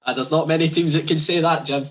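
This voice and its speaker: A man's voice: fairly high pitch, steady tone, quick pace, poor audio. A man interviewing a former football manager, asking questions with hesitant restarts. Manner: hesitant, repeats openings.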